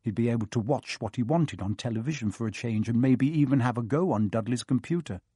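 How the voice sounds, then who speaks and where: A man reading an audiobook with lively, expressive narration. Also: mid-range voice, fairly quick, slightly rough, no echo, clean studio sound.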